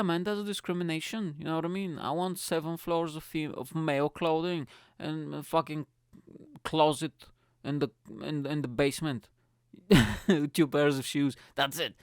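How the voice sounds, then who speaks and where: Profane, rambling young comedian host. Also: male voice, a little high, normal speed, clear, resonant tone, no room sound, studio quality. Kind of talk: comedic podcast monologue.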